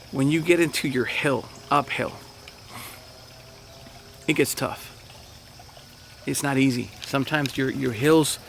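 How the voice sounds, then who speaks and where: Man, pastor, gravelly voice, earnest motivational preaching, faint insect hiss behind. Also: mid-range voice. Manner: earnest, repeats and restarts phrases, rises when quoting encouragement. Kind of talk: motivational sermon talk.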